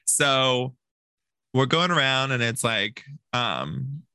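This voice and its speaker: Animated man telling a story. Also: mid-range voice, slow pace, smooth, dry recording. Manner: animated storyteller who acts out quotes. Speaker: podcast guest. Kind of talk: casual podcast chat.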